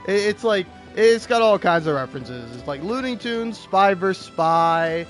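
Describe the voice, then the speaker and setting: Young male gaming host, high voice, rambling comedic commentary, faint music behind. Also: expressive, measured pace. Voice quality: rambling, full of "like" and restarts.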